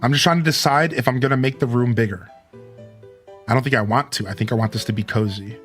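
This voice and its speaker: A man's voice: mid-range voice, quick pace, a bit bright, faint music behind. Upbeat man thinking aloud while gaming. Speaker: streamer. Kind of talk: let's play commentary.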